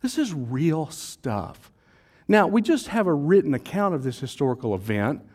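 A man's voice: on the high side, big pitch swings, normal speed, darkish tone, husky. A male pastor, preaching in a casual, joking way and acting out voices from the crowd. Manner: playful, jokey, acts out voices of the crowd.

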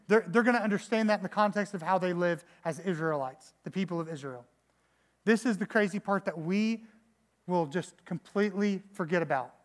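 A man's voice: high-pitched, normal speed. A man preaching a sermon in an earnest, searching way, often restarting and repeating words and acting out quotes. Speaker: pastor.

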